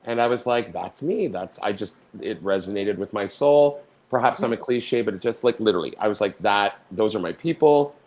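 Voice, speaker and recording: With a fairly low, darkish voice, lively intonation, and few pauses at normal speed, a middle-aged Canadian stage performer recounts stories as an interview guest. He acts out voices and sings lines theatrically.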